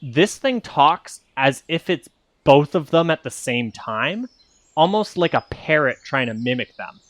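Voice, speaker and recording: Slow, rambling game master man. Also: a little high, lively intonation, a bit bright, no room sound. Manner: meandering, descriptive, many fillers. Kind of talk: narrating a tabletop game.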